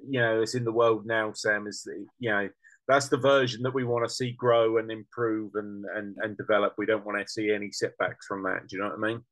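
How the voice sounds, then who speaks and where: A man's voice: fairly low pitch, level tone, a little fast, no echo, rough recording. A man, co-hosting a casual podcast chat over a video call, steering the talk and wrapping it up. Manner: warm-up phrases, wraps up and steers the talk. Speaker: podcast co-host. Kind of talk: casual chat among friends.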